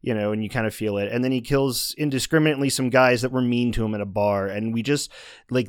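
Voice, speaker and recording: A man's voice: mid-range voice, no echo. A man chats casually about a film he watched, looping through asides and false starts as he goes. His voice sits in an ordinary middle range. The sound is close and dry, with no room around it. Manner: rambling, many restarts and asides. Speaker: podcast co-host reviewing movies. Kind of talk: casual chat.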